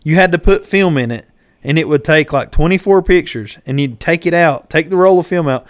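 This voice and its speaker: A man, casually telling a lively story on a podcast. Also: fairly high pitch, a little fast, dry recording, clean studio sound. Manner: animated, laughing, shouts when retelling.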